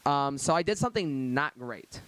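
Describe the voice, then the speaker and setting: A man's voice: medium pitch, expressive, normal speed, fairly bright tone, clear, resonant tone, no echo. A young man co-hosting a podcast, rambling through a story in casual chat, swearing and laughing often. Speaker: podcast co-host.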